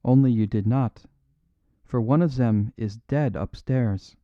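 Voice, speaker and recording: A man voicing an anxious middle-aged foreign restaurant owner who speaks in halting, broken English and stammers. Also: mid-range voice, dark tone, no room sound, lo-fi sound, lightly acted. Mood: shaken.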